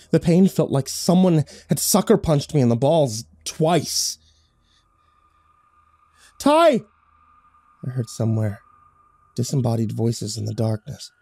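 A man's voice: mid-range voice, dark tone, no echo. A man narrating a first-person horror story in a dramatic, scripted storytelling style.

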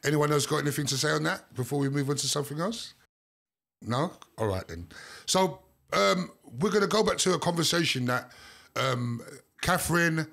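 A man hosts a relaxed podcast panel, his voice gravelly and husky. He keeps his remarks brief and encouraging as he passes the floor between guests. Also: medium pitch. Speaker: podcast host. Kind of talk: casual panel chat.

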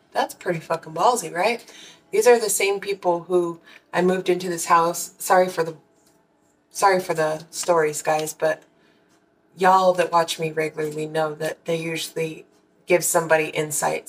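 A woman with a fairly low voice chats to her regular viewers as a tarot reader, telling stories with frank, salty language. She acts out her own reactions dramatically. Her voice sits a little away from the mic. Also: distant mic, rough recording. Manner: candid and swears freely, with dramatic quoted reactions. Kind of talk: casual storytelling to viewers.

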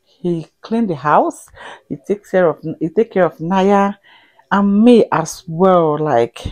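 A young woman vlogging to camera with heartfelt thanks, sighing and dropping into soft whispers at times. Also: fairly low pitch, slow pace. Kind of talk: emotional personal vlog to camera.

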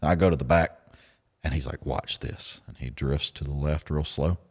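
A man hosting a podcast, telling stories in a lively, laughing way and acting out what others said. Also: rumbling low, moderate pace. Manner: animated storyteller, laughs often, acts out quotes. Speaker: podcast host. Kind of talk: casual storytelling chat.

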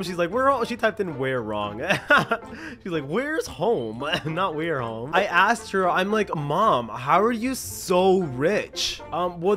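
High, lively young man narrating gameplay. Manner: excitable, laughs often, reads in-game chat aloud. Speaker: gaming video host. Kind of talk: casual gameplay commentary.

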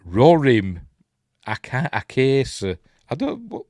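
A man's voice: mid-range voice, huge pitch swings, normal speed, a little mellow, no room sound, studio quality. A man with a Yorkshire accent, hosting a casual live watch-along and chatting in a rambling way while he reads on-screen text aloud. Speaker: host.

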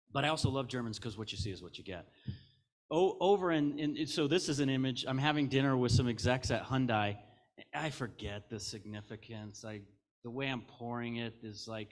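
A middle-aged American man giving a conference keynote on stage, candid and jokey, telling stories with quoted asides. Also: medium pitch. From United States. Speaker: keynote speaker.

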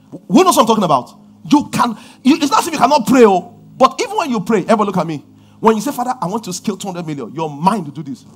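A Nigerian man preaching a sermon as pastor, swinging from quiet asides to loud outbursts. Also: high voice, husky.

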